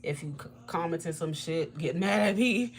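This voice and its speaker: This expressive tarot reader chats at normal speed on a livestream, blunt and freely cursing, with slight background noise in the audio. She laughs frequently, and her voice jumps suddenly high.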